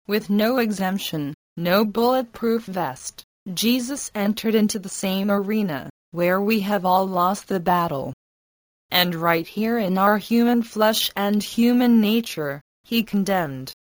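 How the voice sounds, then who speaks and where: Slow, deliberate woman reading a devotional. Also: medium pitch, no echo. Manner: slow, measured, emphatic delivery.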